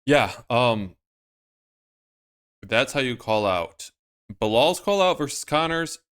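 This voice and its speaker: A man hosts his own commentary video, with a rambling, emphatic, opinionated delivery. His voice sits at an everyday middle pitch. He hammers his points home and circles back to them. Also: sing-song, takes it slowly, fairly bright tone, smooth. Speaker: MMA YouTuber host. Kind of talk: casual commentary.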